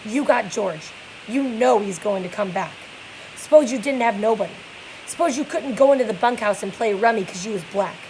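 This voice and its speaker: A woman's voice: medium pitch, normal speed, a little hiss or hum, lightly acted, rough recording. A woman reading as a bitter old stable hand. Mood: placating. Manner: plain read-aloud, dialect lines read flatly. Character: weary bitter middle-aged male stable hand.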